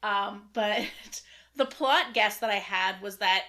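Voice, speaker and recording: A woman co-hosting a podcast chats casually in a medium-pitched, bright and forceful voice, taking it slowly. She rambles and hedges often with "kind of".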